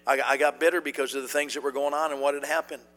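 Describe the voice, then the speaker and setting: Bright-voiced preacher in a reverberant hall. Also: male voice, a little high, racing. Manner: folksy, animated preaching, many fillers and restarts. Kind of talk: sermon with storytelling.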